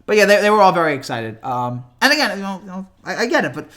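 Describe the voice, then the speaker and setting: A young man chats his way through a live reaction stream, rambling, repeating himself and getting worked up. His voice sits high and sounds bright and sharp, and it cracks often. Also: big pitch swings, quick pace.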